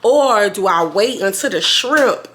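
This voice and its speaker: A woman, chatting casually to camera as a vlogger in a rambling way full of slang, her voice a little hoarse. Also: medium pitch, lively intonation, measured pace, a bit bright. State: slightly hoarse after being sick.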